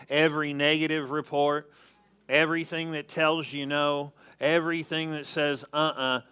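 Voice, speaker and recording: A man's voice: on the high side, pushed and bright, clean tone. A man preaching a sermon as pastor, emphatic, calling on the congregation to answer and repeating key phrases.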